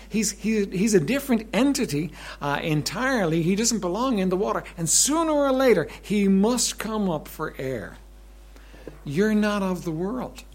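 A man preaching a sermon as pastor, conversational, repeating words and clearing his throat often, swinging between emphatic lines and soft asides. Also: on the high side.

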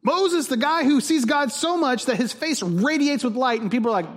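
A man's voice: extremely high pitch, expressive, moderate pace. A man preaching a sermon as pastor, conversational and jokey with emphatic stresses.

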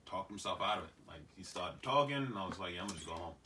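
A man's voice: sits low, animated, racing, bright, forceful tone, recorded from a distance, a little hiss or hum. A young man hosting a casual podcast chat, telling a story in slang, laughing often and acting out what people said. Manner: laughing storyteller, slangy, acts out quoted voices. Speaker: podcast host.

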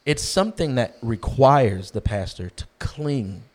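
A man talking earnestly about being called to ministry, halting often with ums and restarts. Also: mid-range voice, expressive. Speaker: guest aspiring to ministry. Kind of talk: casual Christian discussion.

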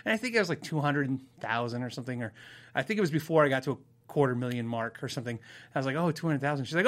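A man's voice: on the high side, expressive, fast, pushed and bright. A man talking to his viewers in a casual, rambling way, laughing often and acting out both sides of a conversation. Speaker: YouTuber telling a story. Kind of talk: casual storytelling to camera.

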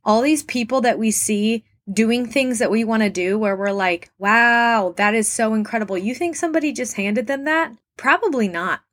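A woman's voice: fairly high pitch, animated, moderate pace, few pauses. Earnest young woman giving a pep talk. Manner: earnest, encouraging, direct questions to listeners. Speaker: podcast host. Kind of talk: motivational podcast monologue.

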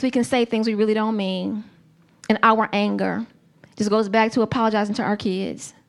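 A woman preaching a sermon to a congregation, earnest and emphatic, with slow, deliberate phrasing. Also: fairly high pitch, gravelly.

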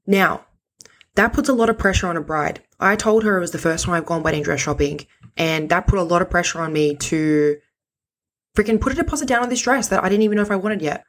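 A woman hosting her own podcast, telling a personal story in a chatty, expressive, slangy way. Her voice sits low for a woman. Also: quick pace. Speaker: podcast host. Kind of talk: casual storytelling monologue.

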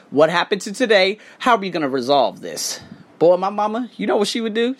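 A young American man with a casual, slangy, profane delivery, hosting a podcast monologue about his work as a teacher abroad. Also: fairly high pitch. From United States. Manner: animated, profane, street slang. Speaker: podcast host.

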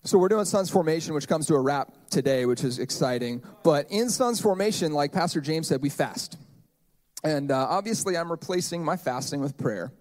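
A man's voice: a little high, expressive, moderate pace, a little mellow. A man in his thirties preaching a sermon in a church, conversational and joking, with playful asides. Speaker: pastor.

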